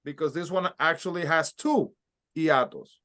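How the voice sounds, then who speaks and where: A man's voice: fairly high pitch, normal speed, a bit bright. A man teaching a pronunciation class, patiently explaining step by step and modeling sounds for learners to repeat. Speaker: Spanish teacher. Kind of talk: recorded language lesson.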